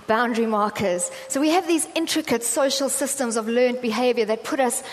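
A woman with a somewhat high voice, preaching in a casual, storytelling way and filling her talk with "um" and "you know". Her voice rings out with a long reverb across a church hall, with faint ambience underneath. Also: fairly quick, slight background noise. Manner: chatty, self-deprecating storytelling with many fillers. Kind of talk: conversational sermon.

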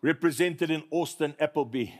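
A man's voice: a little high, moderate pace. A man preaching a sermon, telling stories with humor and calling on the congregation to repeat after him. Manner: storytelling, humorous, call-and-response with congregation. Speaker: pastor.

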